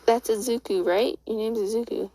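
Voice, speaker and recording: A kind, no-nonsense older woman who speaks her mind, as a young woman puts her on while telling a story. The voice sits fairly low with a gravelly fry, recorded close and dry, and the words come with small stammers and restarts. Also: fairly even intonation, moderate pace, mellow, no echo, distant mic, low-quality recording. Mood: teasing. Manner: stammering, casual storytelling delivery. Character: kind, forthright older woman, adoptive grandmother.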